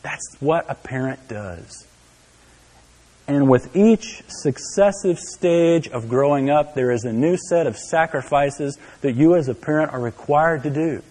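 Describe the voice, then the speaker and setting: A man preaching a sermon, telling a story to his listeners, dropping to a hush and then rising to exclaim. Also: on the high side, lively intonation, a little slow, long reverb tail. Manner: storytelling, swinging from hushed to exclaiming. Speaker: pastor.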